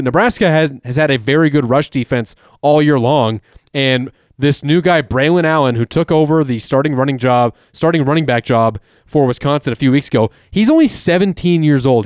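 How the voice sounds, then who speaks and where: Smooth-voiced man making football picks. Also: a little high, expressive, fairly quick, a little mellow, dry recording, clean studio sound. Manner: chatty, jokey, thinks aloud with fillers. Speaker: podcast host making college football picks. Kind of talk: casual sports betting chat.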